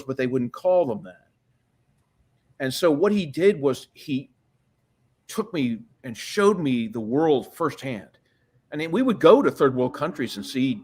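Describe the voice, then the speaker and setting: A man's voice: medium pitch, a little mellow, slightly rough. A man in his fifties, a guest in an interview, telling long rambling stories with plenty of swearing and acted-out quoted dialogue. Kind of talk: casual storytelling interview.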